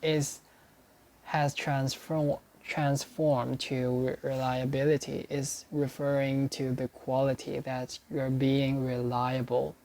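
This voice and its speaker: A man working through dictionary entries aloud, explaining them in a halting way and repeating each sample sentence several times. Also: mid-range voice, level tone, a little mellow. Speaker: English learner studying a dictionary.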